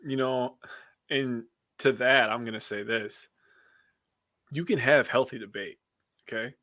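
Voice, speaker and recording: A man in casual sports chat, loud and animated, cursing freely and laughing at his own stories. His voice is bright and the sound is dry and close, with no room around it. He reacts big and talks fast when worked up. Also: mid-range voice, no room sound. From Wisconsin. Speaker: podcast co-host.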